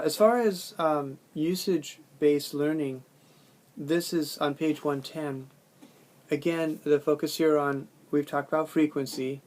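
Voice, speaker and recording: A man's voice: fairly high pitch, a little mellow, a little hiss or hum. A man teaching a language course, lecturing in a conversational way and explaining ideas with spoken examples. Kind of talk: recorded classroom lecture.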